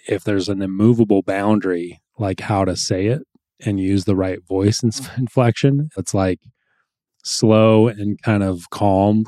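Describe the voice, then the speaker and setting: Low, mellow-voiced man, reflective podcast co-host. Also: dry recording, studio quality. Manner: reflective, hesitant, restarts often. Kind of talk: casual podcast conversation.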